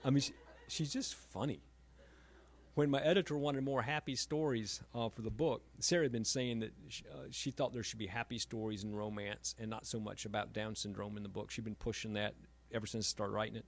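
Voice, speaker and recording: Halting author talk, gravelly middle-aged man, stumbles over words, dry self-mocking humor. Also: on the low side, steady tone. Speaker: author and emergency room doctor. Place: library event room.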